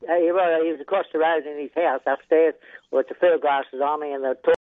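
Fairly quick and on the high side, with fairly even intonation, an older Australian man's voice arrives dry and close over a thin phone-like line, no room sound. He's a retired horse trainer in a casual storytelling interview, rambling through racetrack yarns with frequent chuckles and a "yeah" between thoughts.

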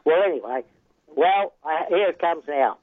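Coming through a thin phone-like line, dry and close with no room sound, is an older Australian man with a high-ish, lively voice at normal speed. The retired horse trainer spins rambling racing yarns in a casual interview, chuckling a lot and slipping "yeah" between each thought.

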